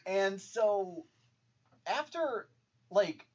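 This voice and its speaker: A man with a husky voice talks about a film with lively, swooping pitch, exasperated and playful as he acts out moments. The recording sounds dull and lo-fi. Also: drawn-out words. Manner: animated, exasperated, acts out scenes. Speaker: podcast co-host. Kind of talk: casual movie-review chat. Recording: dull lo-fi podcast audio.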